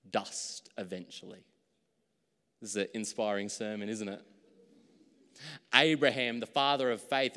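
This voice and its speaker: A man's voice: lowish voice, a bit bright, smooth. Man, pastor's sermon, casual and self-mocking, long hall reverb. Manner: conversational, jokes at his own slips.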